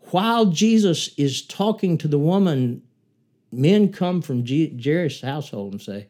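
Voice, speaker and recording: A man's voice: expressive, moderate pace, mellow. An older man, a former missionary preacher, speaking earnestly as he reflects on preaching and retells a Bible story. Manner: earnest, rising in pitch and force as he retells the story.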